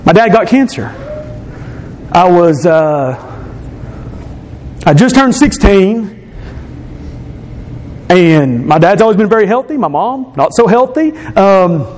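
A man's voice: high voice, big pitch swings, slow pace, long pauses, a little mellow, slight background noise. A man telling his personal testimony in an earnest way, repeating phrases for emphasis. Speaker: speaker giving a testimony.

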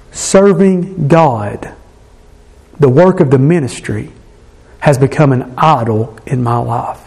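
A man's voice: fairly high pitch, a little mellow. A man preaching a sermon to his congregation in an earnest, conversational way, often restarting his sentences. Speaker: pastor.

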